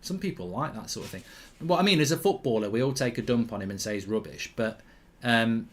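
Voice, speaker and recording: A man's voice: mid-range voice, expressive, fairly quick. A man hosting a live football watchalong, chatting opinionatedly and reacting to the match. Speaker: host.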